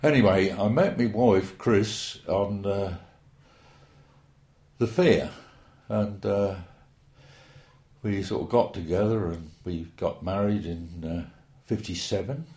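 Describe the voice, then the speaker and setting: A man's voice: deep voice, takes it slowly, darkish tone. A man, reminiscing at length in a rambling, hesitant, folksy way. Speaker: interviewee. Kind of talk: oral history reminiscence. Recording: roomy echo.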